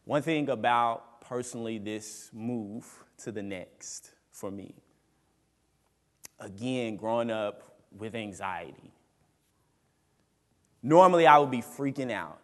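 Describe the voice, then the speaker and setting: A man preaching a sermon as pastor, emphatic, swinging between loud rises and quiet drops. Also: medium pitch, animated, slow pace, pauses often, long reverb tail. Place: church sanctuary.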